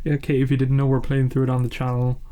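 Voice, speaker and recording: A man's voice: mid-range voice, completely flat delivery, fast, warm tone. A British man co-hosting a podcast, chatting casually and rambling with fillers. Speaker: podcast co-host.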